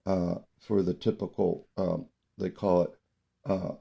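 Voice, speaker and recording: A middle-aged man hosts a casual podcast chat with a slightly low voice and a gravelly edge. He tells stories in an animated way and laughs often as he talks. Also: measured pace, highs cut off. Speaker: podcast host, early childhood music teacher.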